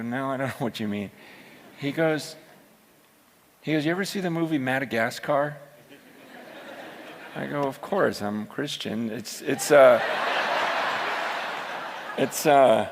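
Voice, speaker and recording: Gravelly-voiced man preaching in a reverberant hall. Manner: builds from low chatty storytelling to loud shouting. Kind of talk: sermon storytelling.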